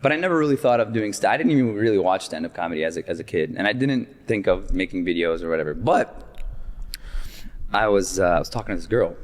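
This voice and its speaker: A man's voice: low-pitched, fast talker. A young man, a stand-up comedian, chatting casually on a podcast, goofy and laughing often. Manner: goofy, laughing, does funny voices.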